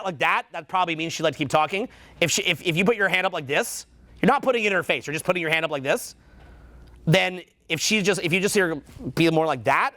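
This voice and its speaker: A man's voice: high-pitched, fairly bright tone, dry recording. A man with a Canadian accent teaching a seminar, quizzing the audience and repeating their answers back. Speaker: dating coach.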